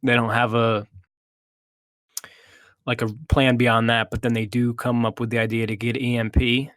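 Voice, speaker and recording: A man's voice: medium pitch, flat delivery, moderate pace, a bit bright, no echo. Male co-host, casual movie talk, hesitant retelling, dry sound. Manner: retells plot with hesitations and restarts. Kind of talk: casual chat.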